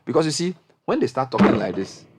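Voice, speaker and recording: Speaking fast over a slight hiss or hum, a middle-aged Ghanaian-accented radio host steers a panel discussion. His animated, impassioned manner keeps rising into high exclamations.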